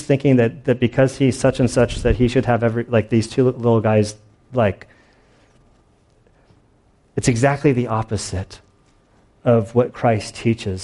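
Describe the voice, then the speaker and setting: A male pastor delivering a sermon in a relaxed, conversational way. He tells anecdotes casually and acts out the people in his stories, with a voice of middling pitch. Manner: casual storytelling, animated retellings.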